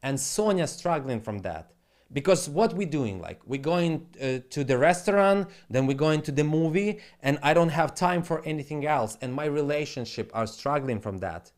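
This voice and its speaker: A man's voice: a little high, animated, normal speed. A man on a casual live stream at his home setup, rambling bluntly and with plenty of swearing, in broken English.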